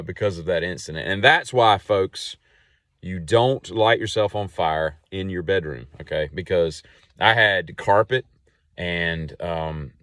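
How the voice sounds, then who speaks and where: A man hosting a podcast and telling a long casual story in a rambling, animated way with many asides. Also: sits low, dry recording, studio quality. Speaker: podcast host.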